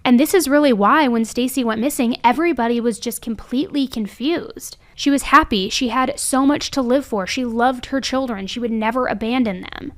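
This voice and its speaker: A young woman with a fairly high voice tells a true crime story as if talking to a friend. Her delivery is chatty and conversational, and she keeps checking in with little asides. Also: normal speed, few pauses. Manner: chatty, leaning on "right?" and "I mean".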